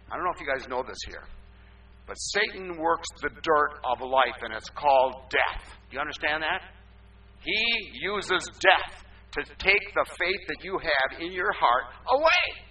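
An older pastor preaches with a piercing, bright voice that sits a little high for a man. He throws out rhetorical questions and moves from forceful emphasis to hushed asides. He is picked up by a distant mic over a faint hum. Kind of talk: sermon.

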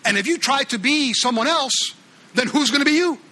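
A man preaching a sermon in an animated way, acting out the Bible characters' lines and often restarting his phrases. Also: extremely high pitch, a little fast. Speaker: pastor.

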